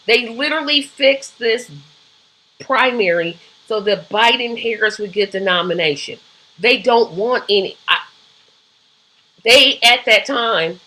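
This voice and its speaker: Bright-voiced woman giving political commentary. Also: medium pitch, low-quality recording. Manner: conversational and opinionated, with frequent ums and rhetorical "right?". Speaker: host of a live political commentary show.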